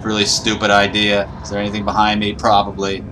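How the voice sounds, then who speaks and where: A man's voice: lowish voice, monotone, fairly quick, noisy background. A man giving nervous, panicky running commentary while playing a horror game. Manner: nervous, panicky self-talk. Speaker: gaming YouTuber.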